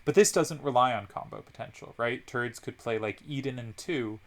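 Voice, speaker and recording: A man's voice: medium pitch, normal speed. A man commentating a card game tournament, analyzing each move step by step with frequent ums.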